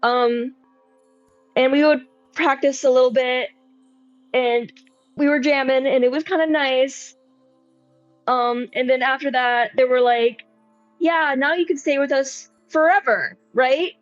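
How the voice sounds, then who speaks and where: A woman's voice: high voice, steady tone, measured pace, pauses often, dry recording, muffled recording, faint music behind. A woman voicing a nervous, rambling young man in a tabletop game, talking hesitantly with lots of fillers. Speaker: player. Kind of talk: tabletop role-play in character.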